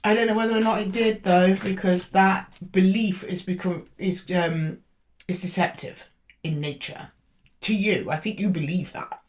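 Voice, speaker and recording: A woman's voice: mid-range voice, fairly even intonation, moderate pace, a little mellow. A woman reading tarot cards to camera. She speaks straight to the zodiac sign, thinks aloud and often stops and restarts. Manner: hesitant, with frequent restarts while drawing cards. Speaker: tarot reader.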